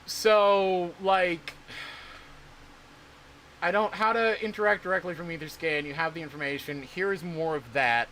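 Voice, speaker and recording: A man's voice: fairly high pitch, unhurried, pushed and bright, slight background noise. A man streaming casually about crypto, rambling and swearing in exasperation. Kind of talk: casual livestream talk.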